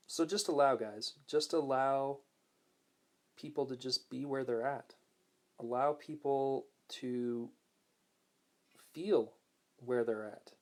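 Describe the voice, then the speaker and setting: A man hosting a casual spiritual talk, speaking gently and smoothly, repeating words for emphasis and reading viewer comments aloud. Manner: acts out quoted lines in a higher voice. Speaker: host.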